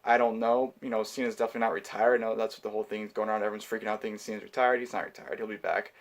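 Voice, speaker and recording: A man giving a casual, heated review of a wrestling show, swearing often and filling pauses with ums. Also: on the low side, fairly even intonation. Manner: profane, heated ranting; frequent filler words and restarts. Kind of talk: casual pay-per-view review.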